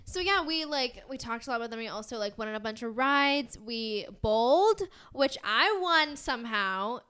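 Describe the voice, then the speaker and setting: A woman's voice: on the high side, lively intonation, moderate pace, pushed and bright, clear, resonant tone. Giggly young American woman chatting. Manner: bubbly, giggly, lots of "like". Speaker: podcast co-host. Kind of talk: casual chat.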